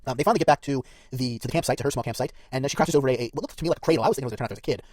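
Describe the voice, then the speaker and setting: Fast-talking man recapping, dry sound. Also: mid-range voice, a little mellow, no room sound. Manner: rapid, detailed retelling with fillers. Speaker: podcast co-host recapping the episode. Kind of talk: casual podcast recap.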